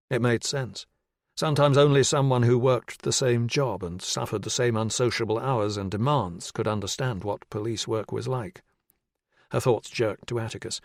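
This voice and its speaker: A man narrating a crime thriller audiobook in an even, measured way. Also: lowish voice, dry recording, clean studio sound.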